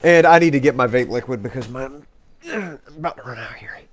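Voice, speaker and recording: A young man with a medium-pitched, fairly quick voice streams a roleplay game. He chats casually, rambling and joking with plenty of cursing.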